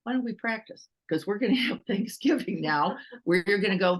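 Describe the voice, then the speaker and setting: Speaking in a mid-range voice, a female meditation teacher delivers a relaxed, conversational dharma talk with lively energy. She poses rhetorical questions to her listeners and slips into quick acted-out voices while explaining.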